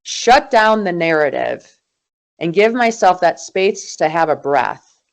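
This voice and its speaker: Lively woman guest telling her story. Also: on the low side, takes it slowly, gravelly. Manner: animated storytelling, emphatic. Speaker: interview guest, mountaineer. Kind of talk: conversational interview.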